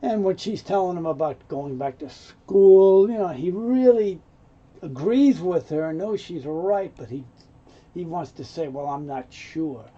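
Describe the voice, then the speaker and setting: A man's voice: high voice, expressive, measured pace, mellow. A man teaching English pronunciation, explaining dropped sounds and acting out example lines in an offended tone. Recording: dull lo-fi sound.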